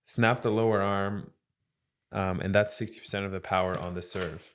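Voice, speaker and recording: Male co-host, slightly low voice, reads a list of tips in a casual way. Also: fairly even intonation, moderate pace, a bit bright, slight background noise. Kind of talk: casual podcast chat.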